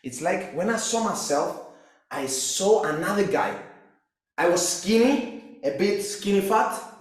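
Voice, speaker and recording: A man's voice: high-pitched, a bit bright. A young man from Cyprus, telling his personal story as a fitness coach in an intense, profane way. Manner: intense, profane, restless delivery with restarts. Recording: very echoey room.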